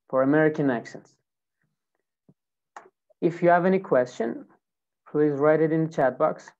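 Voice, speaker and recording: Woman teacher, deep and unhurried voice, slightly muffled audio. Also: gravelly, a little mellow. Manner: slow, deliberate, repeats examples. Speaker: online English teacher. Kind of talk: live online lesson.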